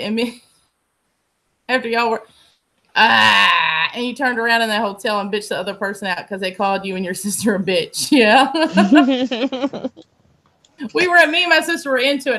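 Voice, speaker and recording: A woman's voice: fairly high pitch, sharp tone. A woman, telling stories in a casual, profane chat and laughing often. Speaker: host.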